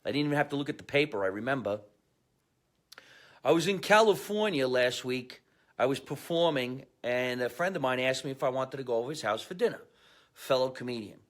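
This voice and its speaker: A man's voice: medium pitch, animated, a little fast. A man hosting a comedy podcast from a home basement, rambling through sponsor plugs and stories in a chatty, salesman-like way.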